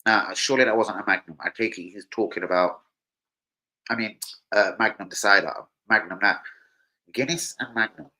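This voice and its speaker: A man's voice: fairly low pitch, normal speed, bright, forceful tone, low-quality recording. A man hosting a live stream, chatting casually in a rambling, slang-heavy way and swearing freely. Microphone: streaming setup mic.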